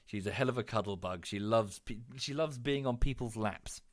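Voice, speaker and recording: A man's voice: on the low side, moderate pace. A young man streaming a game, talking casually and mocking himself. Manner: chatty, self-mocking, coos baby talk at his dog.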